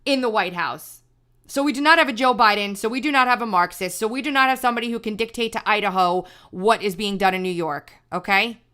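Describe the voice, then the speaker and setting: A woman's voice: mid-range voice, brisk, sharp tone, clear, resonant tone. A woman hosting a news commentary livestream, talking emphatically in a ranting way with frequent restarts. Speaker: political commentary host.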